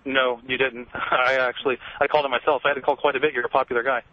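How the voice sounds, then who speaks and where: Fast, earnest young man on a phone line. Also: mid-range voice, flat delivery, dry recording. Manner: earnest, passionate, fast-talking. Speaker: caller. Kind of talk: radio call-in.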